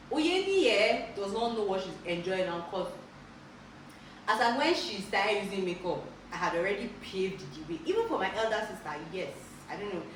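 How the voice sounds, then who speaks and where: A young Nigerian woman with a fairly low speaking voice, recorded far from the mic in a very echoey room with a steady background noise. She tells stories casually, laughs often and jumps into high, excited exclamations. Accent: Nigerian English. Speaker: vlogger. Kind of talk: casual storytelling.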